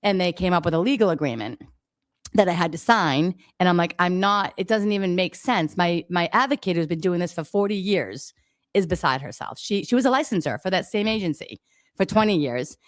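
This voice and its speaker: Middle-aged woman guest on a talk radio show, low voice, dry close sound, emphatic and exasperated storytelling. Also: animated, a little fast, no echo. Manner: emphatic, exasperated storytelling, acts out quoted exchanges. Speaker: daycare owner, guest. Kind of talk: radio interview, telling her story.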